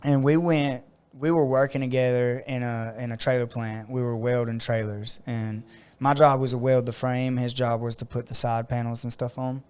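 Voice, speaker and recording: Animated storytelling man with a smooth voice. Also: mid-range voice, normal speed. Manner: animated storyteller acting out quotes with loud outbursts; frequent "like" fillers. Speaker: podcast co-host. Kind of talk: casual storytelling chat.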